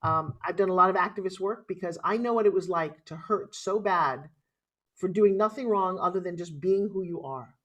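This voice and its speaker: This interview guest is a middle-aged New Yorker whose lowish voice carries a New York accent. At a moderate pace, she tells her life story with drama and animation.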